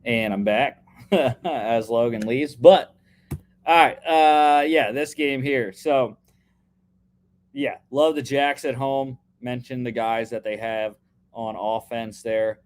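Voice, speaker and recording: A man's voice: mid-range voice, slow pace. A young man co-hosting a casual sports podcast, chatting through his football picks with lots of fillers and restarts.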